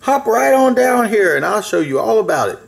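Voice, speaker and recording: A man's voice: high voice, big pitch swings, normal speed, gravelly, voice pushed up, full character voice. A man voicing a sly, hungry big black bear who lures his prey with coaxing talk. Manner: coaxing and sly, then harsh.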